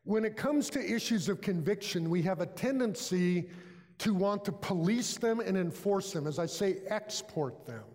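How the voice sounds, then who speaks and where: A man preaching a chapel sermon, telling folksy animal stories with lively asides. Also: sits high, moderate pace, big-room sound. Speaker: chapel speaker.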